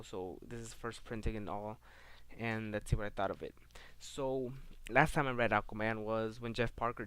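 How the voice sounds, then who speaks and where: A man's voice: medium pitch, fairly bright tone, clean tone. A man giving a casual comic book review on his channel, rambling and filling gaps with "um" and "like". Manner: rambling, heavy on fillers like "um" and "like".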